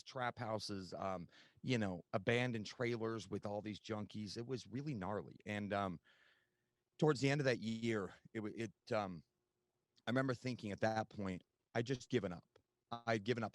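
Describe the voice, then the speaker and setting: Male guest, low voice, dry close sound, candid storyteller full of ums. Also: no echo. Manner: candid, conversational storytelling with many fillers. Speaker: podcast guest. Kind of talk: personal recovery story.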